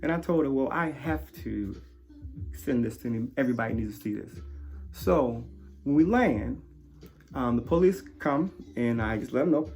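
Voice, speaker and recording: A man giving an emotional personal account of an arrest, halting with fillers, dropping to low murmurs then bursting out loud. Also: expressive, faint music behind. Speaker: interviewee recounting arrest.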